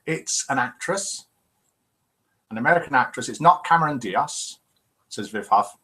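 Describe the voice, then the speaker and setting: A man's voice: mid-range voice, expressive, measured pace, bright, forceful tone. A man hosting a live chat show, reading out viewer comments and telling jokes in a chatty, teasing way.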